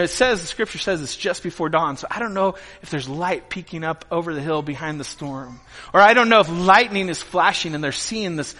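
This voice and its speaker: A man preaching a sermon with a high, bright, forceful voice, telling stories with animated swings between loud and hushed lines. His words ring out with long reverb in a large church hall. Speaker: pastor.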